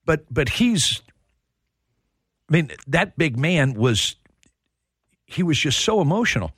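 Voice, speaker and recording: A man's voice: medium pitch, expressive, a little slow, long pauses, fairly bright tone, husky, dry recording, clean studio sound. A middle-aged man hosting a sports talk radio show, telling heartfelt stories with plenty of restarts. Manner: heartfelt storytelling.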